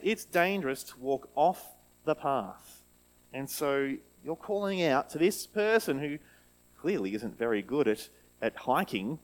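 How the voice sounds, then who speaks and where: A man who reads a scripture passage and then leads a lively children's talk in church, asking the children questions and having them repeat lines back. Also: a little high, rough recording. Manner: animated, asks children questions and leads call-and-response.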